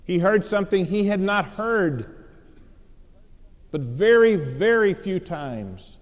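A man's voice: high voice, animated, slow pace. A man preaching a sermon, telling a story dramatically and acting out the voices of its people. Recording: long hall reverb.

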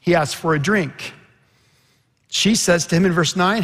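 A man preaching a sermon, retelling a scripture story with earnest intensity. His voice sits a little high and has a gravelly edge. It carries a long reverb, as from a large hall. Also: moderate pace, fairly bright tone. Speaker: pastor.

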